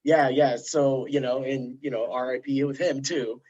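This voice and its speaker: A man hosting a podcast, chatting casually in a rambling, animated way. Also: medium pitch, normal speed. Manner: rambling, animated storytelling with put-on voices. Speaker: podcast host. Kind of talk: casual chat. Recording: dull lo-fi sound.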